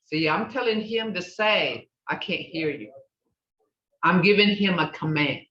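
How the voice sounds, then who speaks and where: An older woman teaching a language class, repeating words slowly and checking in with "okay?". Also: fairly low pitch, lively intonation, a bit bright. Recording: echoey, distant, dull room recording.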